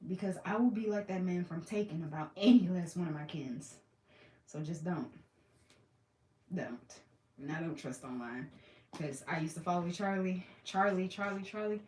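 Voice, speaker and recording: A woman vlogging casually from her bed, chatty and expressive, moving between loud projected talk and a soft, calm low voice. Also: moderate pace, reverberant, recorded from a distance, a little hiss or hum, rough recording. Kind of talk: casual chat to followers.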